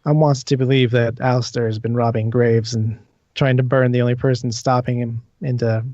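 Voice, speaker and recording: A man's voice: mid-range voice, little pitch movement, normal speed, a little mellow, no room sound, lightly acted. A man puts on a dwarf grave digger who brags about his trade and rambles, his grammar slipping as he goes. The sound is dry and muffled, like stream audio. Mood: rambling. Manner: rambling, folksy, bungled grammar.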